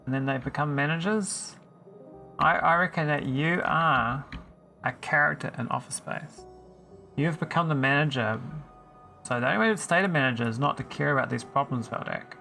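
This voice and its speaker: A man's voice: a little high, normal speed, gravelly, pushed and bright, soft background music. A man streaming a game, chatting casually and teasing his viewers while he thinks aloud. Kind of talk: casual live-stream chat while playing.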